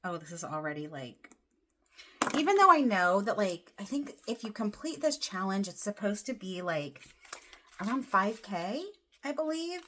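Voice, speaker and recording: A woman vlogging about her budget, counting cash under her breath and then gushing with excitement. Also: medium pitch, moderate pace, a little hiss or hum. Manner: excitable, counts money aloud softly then gushes. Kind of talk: casual vlog, counting cash. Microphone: desk camera mic, off-camera voice.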